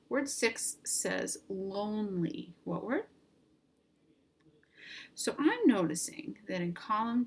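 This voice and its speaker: A woman teacher giving an online reading lesson, reading out vocabulary words slowly and prompting children at home to repeat them. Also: mid-range voice. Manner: slow, clear word drills with prompts.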